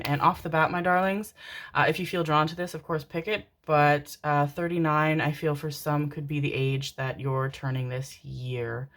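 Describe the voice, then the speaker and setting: Low-pitched young woman, tarot reader, warm endearments, effusive and repetitive. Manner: affectionate, calls listeners "my darlings"; gushing, stacks repeated words. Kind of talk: casual tarot reading to camera.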